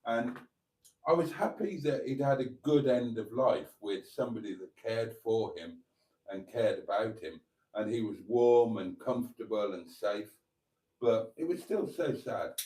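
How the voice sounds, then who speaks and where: Speaking at a measured pace in a lowish, dark voice, a man runs a relaxed home live stream indoors. He reads viewers' comments out into a phone, rambling along in a cheeky, chatty style.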